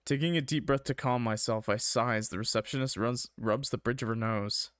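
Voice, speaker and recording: A man's voice: medium pitch, fairly quick, hardly any pauses, fairly bright tone, clean tone, no echo, studio quality. Young man reading a visual novel aloud. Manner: dramatic reading broken by casual joking. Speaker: streamer playing a visual novel. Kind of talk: reading a game aloud with jokey asides.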